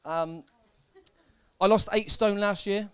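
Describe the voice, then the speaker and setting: Deadpan young comedian. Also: male voice, sits high, takes it slowly, clean tone. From Southampton, England. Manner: deadpan, hesitant delivery with many fillers and repeats. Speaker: stand-up comedian. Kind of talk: live stand-up set. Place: comedy club stage.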